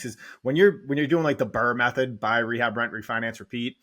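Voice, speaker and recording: A man's voice: mid-range voice, fairly even intonation, brisk, few pauses, a bit bright. A man, telling his story candidly as a podcast guest, full of "like" fillers and close to tears. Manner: rambling, heavy "like" filler, emotional. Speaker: real estate investor guest.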